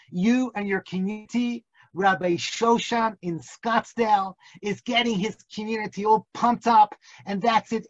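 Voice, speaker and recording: Teaching online as a rabbi, a man with a voice that sits high delivers a dramatic, suspense-building story. He breaks into exaggerated national accents for comic effect; the video call audio is dull and lo-fi, with no echo.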